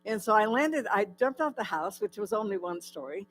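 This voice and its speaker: A woman's voice: medium pitch, animated, brisk, faint music behind, rough recording. A woman from California giving a personal testimony to a church audience, telling her story with many fillers and asking the audience questions. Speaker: guest speaker. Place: church hall.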